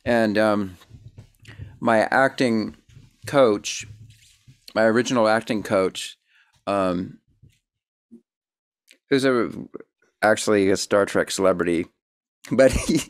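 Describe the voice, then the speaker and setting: A man's voice: fairly low pitch, takes it slowly, long pauses. A man hosting an interview over a video call, chatting in an easygoing way with fillers and restarts. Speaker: podcast host. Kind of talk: casual interview chat.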